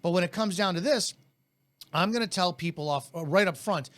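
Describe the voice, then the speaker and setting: A man's voice: high voice, fairly quick, a bit bright. A man coaching network marketing in a blunt, intense, in-your-face way, in casual talk.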